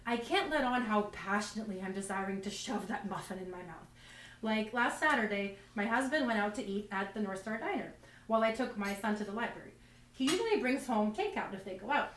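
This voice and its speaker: Her voice is mid-range and fairly bright, and she delivers her stand-up briskly and with animation, full of self-deprecating, rambling stories and frequent restarts. The distant mic picks up a roomy sound with a little hiss or hum.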